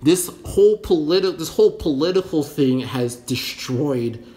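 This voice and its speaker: A man's voice: fairly high pitch, lively intonation, unhurried, warm tone. A man from the United States ranting to camera in a casual vlog, blunt and rambling, swearing constantly. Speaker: vlogger. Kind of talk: casual opinion rant to camera.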